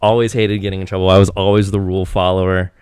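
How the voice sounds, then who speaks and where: A man in his thirties from Eastern Washington, a podcast guest chatting casually in a rambling, animated way with lots of restarts. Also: low-pitched, fast, clean tone, dry recording, clean studio sound. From Eastern Washington, USA. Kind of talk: casual chat.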